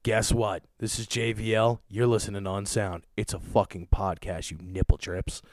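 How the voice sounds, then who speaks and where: A man's voice: on the low side, little pitch movement, normal speed, no echo. Angry cursing man ranting on a podcast. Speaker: podcast host. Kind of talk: profane podcast rant.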